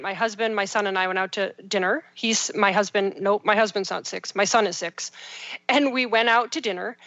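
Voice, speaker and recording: A woman in her thirties, a parenting and life coach, chatting with lively, animated storytelling. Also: mid-range voice, dry recording, dull audio. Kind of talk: casual chat.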